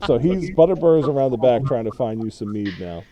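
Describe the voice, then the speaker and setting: A man's voice: medium pitch, lively intonation, fairly quick, crowd noise, rough recording. A man narrating a tabletop game as game master in a loose, chatty way. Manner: loose, laughing, full of fillers.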